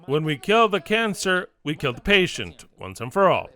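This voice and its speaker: A man's voice: high-pitched, normal speed. A man preaching a sermon, emphatic and repetitive, acting out little stories as he goes. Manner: emphatic, repetitive, lively storytelling.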